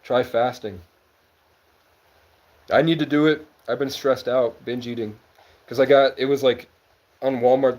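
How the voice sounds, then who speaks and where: A young man with a somewhat high voice for a guy, talking from outside in the woods at night. He drifts from one thought to the next in a loose, meandering live-stream ramble and swears now and then without fuss. His pitch sits in a middling range. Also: a little mellow. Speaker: livestreamer.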